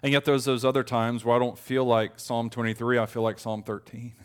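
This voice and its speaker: Man, pastor, sermon, earnest, conversational, mid-pitched voice. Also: flat delivery, a little fast, hardly any pauses, clear, resonant tone. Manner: earnest, conversational preaching, rising with emphasis on quoted laments.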